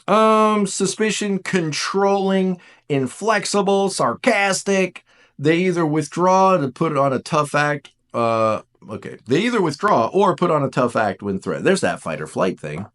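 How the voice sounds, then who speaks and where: A man teaching in a casual lecture style, animated and jokey, acting out little voices as he goes. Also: mid-range voice, normal speed, hardly any pauses.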